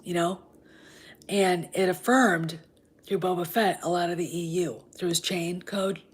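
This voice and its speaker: A woman's voice: fairly low pitch, measured pace, husky. A woman hosting a fan show in casual chat, rambling and often dropping into whispers.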